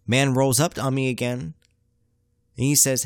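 A man's voice: medium pitch, steady tone, measured pace, dry recording, studio quality. A young man hosting a podcast, telling a comic story in a laid-back, profane, slang-heavy way. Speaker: podcast host. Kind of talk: comedic storytelling monologue.

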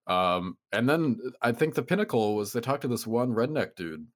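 A man's voice: medium pitch, moderate pace. A man co-hosting a podcast, chatting casually and critically about a film and mocking the people in it. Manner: animated, critical, quotes people with mocking voices. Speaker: podcast co-host.

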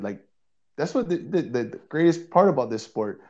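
Podcast co-host, male ex-player from Hawaii, animated storyteller, average pitch, dull-sounding recording. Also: moderate pace. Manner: animated, laughing, repeats words while telling anecdotes. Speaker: co-host, former player and coach. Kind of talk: casual storytelling in a podcast chat.

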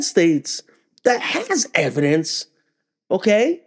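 A man hosting a podcast in a heated, profane rant, hammering the same points again and again. His pitch swings widely while his delivery stays slow and deliberate. He is getting over a head cold. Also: very animated, dark tone. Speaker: political podcast host. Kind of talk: ranting political commentary.

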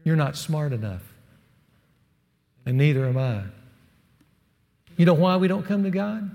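A middle-aged man preaches to a room of men and spins a personal story with folksy energy. His voice sits a bit high and has a gravelly edge. A long reverb from a large hall trails his words. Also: big pitch swings, a little slow, mellow. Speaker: speaker at a men's ministry session. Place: large hall with a live audience.

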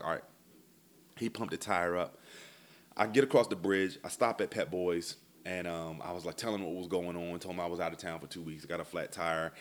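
Man, very low voice, casual profane storyteller, animated exasperated delivery.

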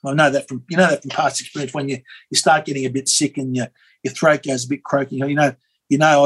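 An Australian man, a former member of parliament, telling a rambling, animated story as an interview guest, with many fillers and restarts. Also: medium pitch, quick pace, husky, rough recording. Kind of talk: conversational storytelling.

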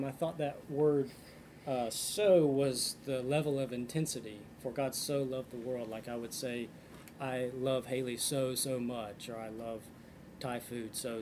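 An earnest man leading a relaxed Bible study, thinking aloud and pausing on ums as he works through a passage. His voice is mellow and warm. A faint hiss sits underneath it. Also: medium pitch. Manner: reads scripture passages aloud. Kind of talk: casual Bible study discussion.

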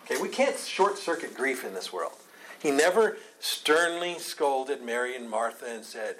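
A man's voice: medium pitch, sing-song, normal speed, fairly bright tone, low-quality recording. A man teaching a Bible study class, earnest and emphatic, taking questions from the group.

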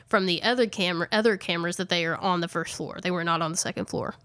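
With a fairly low pitch and a bit of brightness, a woman host talks quickly through a recap of a ghost-hunting video. She's slightly out of breath and uses lots of fillers and self-corrections, and the recording is dry.

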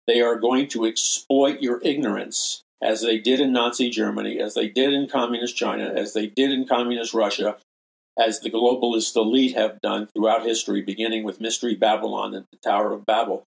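Gravelly, fervent older preacher man. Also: on the low side, level tone, brisk, rough recording. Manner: emphatic, repeats phrases for stress. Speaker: minister and show host. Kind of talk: impassioned preaching commentary.

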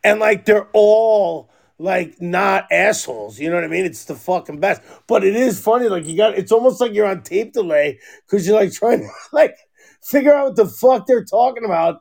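A man's voice: high voice, normal speed, vocal fry. A young man co-hosting a podcast over a phone call, cursing freely and laughing often. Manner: profane, excitable, laughing often. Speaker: podcast co-host. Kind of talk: casual chat.

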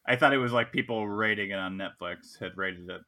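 An easygoing man in a casual podcast chat with a bright, forward tone and a somewhat low pitch. He hedges his points and goes along with the others. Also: a little fast. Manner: easygoing, agreeable, hedging. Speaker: podcast co-host.

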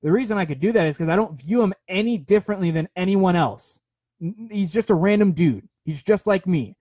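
A man's voice: high-pitched, animated, fairly quick, mellow, no room sound. A young man giving a rambling, earnest motivational talk on a phone livestream, full of fillers and repeated words.

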